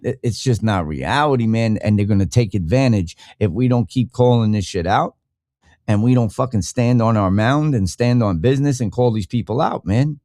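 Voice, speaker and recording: A man's voice: medium pitch, sing-song, normal speed, darkish tone, no echo, studio quality. A man hosting a live podcast, ranting angrily and bluntly with heavy swearing while greeting chat viewers by name. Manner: angry, profane, blunt ranting. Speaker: podcast host. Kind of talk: livestream rant.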